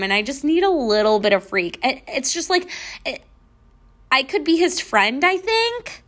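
A young woman hosts a podcast, casually sharing a personal story with her listeners. Her voice is high and fairly bright, with big swings in pitch, and she takes her time. She's chatty, saying "like" constantly and mocking people as she retells what they said.

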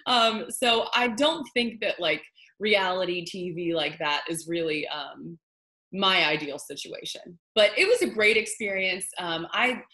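A woman's voice: lowish voice, expressive, unhurried, sharp tone. A young woman, a country singer, chatting casually in an interview with lots of fillers. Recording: echoey room.

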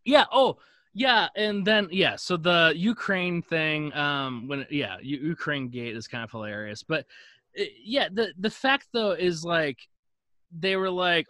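A man's voice: fairly high pitch, measured pace, dry recording. A man co-hosting a podcast in casual, emphatic chat, swearing freely as he rants. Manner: animated, profane, emphatic. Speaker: podcast co-host.

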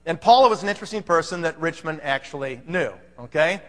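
A man with a high voice tells a story to a seminar crowd. He talks emphatically and keeps checking in with the room. His voice rings with a long hall echo. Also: lively intonation, quick pace, a bit bright. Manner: emphatic, conversational, frequent "okay?" check-ins. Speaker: presenter at a business seminar. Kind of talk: storytelling presentation to a live audience.

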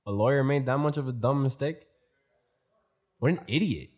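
A man's voice: mid-range voice, moderate pace, darkish tone. Blunt young Miami man, podcast co-host. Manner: blunt, laughing, swearing. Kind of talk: casual chat.

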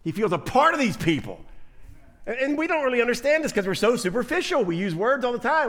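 A man preaching a sermon in a slightly high voice that swings widely in pitch. He speaks animatedly, acts out the voices he quotes, and often repeats his words as he builds a point. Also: big pitch swings, rapid-fire, fairly bright tone. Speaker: pastor.

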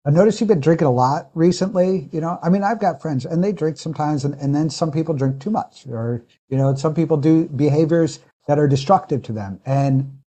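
A man's voice: on the high side, brisk, hardly any pauses, dark tone. Earnest male pastor telling a story. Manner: earnest, reflective, with frequent restarts. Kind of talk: casual interview storytelling.

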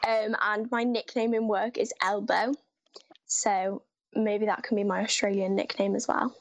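A woman's voice: medium pitch, flat delivery, a little slow, poor audio. A teenage girl from Great Britain, a guest on a live-stream interview, bubbly and enthusiastic with a giggly manner. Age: teens.

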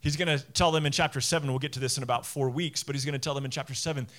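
A man preaching a sermon as pastor, talking in a conversational way, acting out quotes with lively swings and restarting his phrases. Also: fairly high pitch, racing, few pauses.

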